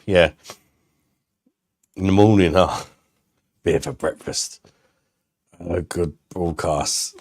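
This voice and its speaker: This man's voice sits low, captured at studio quality without any room sound. Hosting his live stream as a beer reviewer, he talks casually and bluntly, swears freely, laughs a lot, and reads out messages from chat.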